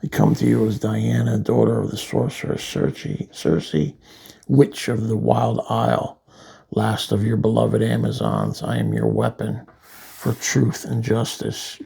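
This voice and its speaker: A man reading out the lines of a determined young woman warrior-witch from a comic, in his own plain, gravelly voice. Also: lowish voice, expressive, measured pace, warm tone, full character voice. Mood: solemn.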